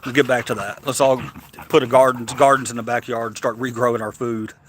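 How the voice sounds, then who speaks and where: A man's voice: mid-range voice, little pitch movement, fairly quick, fairly bright tone, slight background noise. A man from Tennessee with a Southern accent, hosting a casual livestream, chatting and answering comments in a rambling way with stammered restarts. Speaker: livestream host.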